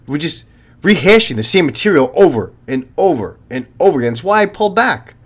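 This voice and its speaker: A man's voice: fairly high pitch, big pitch swings, fairly quick, breathy edge. Blunt, swearing retired cop in his fifties. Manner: blunt, profane, lecturing. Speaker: retired police officer, channel host. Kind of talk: casual monologue to viewers.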